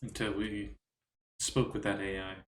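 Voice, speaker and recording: A man playing a tabletop game, speaking haltingly and repeating himself. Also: on the low side, flat delivery, roomy sound. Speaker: player. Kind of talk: tabletop role-play chat.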